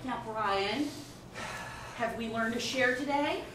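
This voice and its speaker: Coaxing preschool teacher, a woman doing the voice, bright and high, echoey stage heard from afar. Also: recorded from a distance, slight background noise. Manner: slow, soothing, sing-song coaxing. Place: comedy theater stage.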